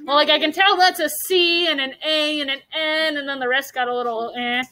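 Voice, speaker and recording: A woman teacher reading a chapter book aloud to her class, animated and stopping to ask the children questions. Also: high-pitched, brisk, rough recording.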